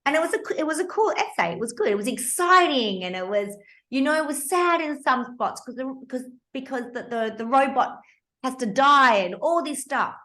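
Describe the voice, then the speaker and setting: An Australian woman in her fifties hosting a podcast, telling a personal story in an animated, emphatic and blunt way. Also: sits high, moderate pace. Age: 50s. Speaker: podcast host.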